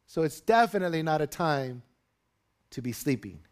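A man preaching a sermon to his congregation in an earnest, expressive way. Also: normal speed. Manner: earnest preaching, rising loud and high when dramatizing the disciples. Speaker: pastor.

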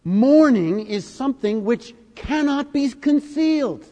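An older man preaching a sermon, deliberate and emphatic, swinging from soft, low phrases to loud, stressed ones. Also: animated. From United States. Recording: echoey hall.

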